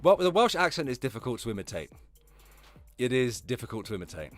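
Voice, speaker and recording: A man's voice: medium pitch, big pitch swings, fast talker, faint music behind. A man with an English accent from the London area, hosting a live stream in a casual, swearing, chatty way. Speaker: streamer host.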